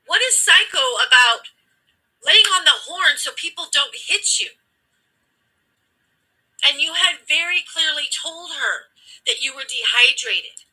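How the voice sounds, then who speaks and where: Over a rough recording, a woman's high, bright voice comes through forceful and slightly rough. She's a host delivering an emphatic, profane story, bluntly voicing the dialogue herself as she narrates.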